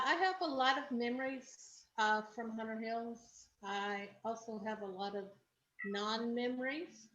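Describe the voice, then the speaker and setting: A woman's voice: on the high side, a bit bright. Wry woman in an echoey room. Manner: wry, self-deprecating. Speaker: former cast member. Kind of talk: casual reminiscing on a video call. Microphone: video call. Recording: echoey room, dull audio, faint noise.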